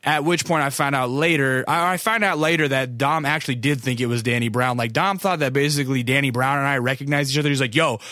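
A man's voice: medium pitch, fairly even intonation, quick pace, few pauses, sharp tone, dry recording, clean studio sound. A young adult man, a photographer, telling a rambling, profane story full of "like" fillers. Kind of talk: casual storytelling.

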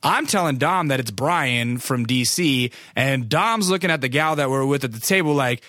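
A man's voice: medium pitch, normal speed, bright, forceful tone, no room sound, clean studio sound. A young adult man, a photographer, telling a rambling, profane story full of "like" fillers. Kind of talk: casual storytelling.

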